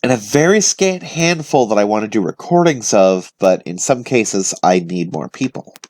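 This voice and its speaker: A man's voice: lowish voice, lively intonation, normal speed, a little mellow, no echo. A young man hosting his own weekly vlog, chatting in a loose, rambling way with lots of fillers and restarts. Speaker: vlog host. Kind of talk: casual rambling chat.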